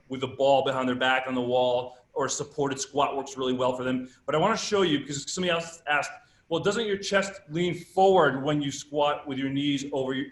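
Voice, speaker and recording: A man's voice: on the high side, a bit bright, reverberant. A man giving a live workshop lecture at a fitness conference, emphatic and teaching with rhetorical questions.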